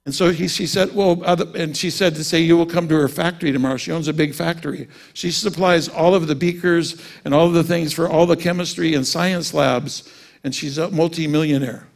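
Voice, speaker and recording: A man's voice: fairly high pitch, creaky. A man preaching a sermon, telling a personal story and then rising into fervent preaching.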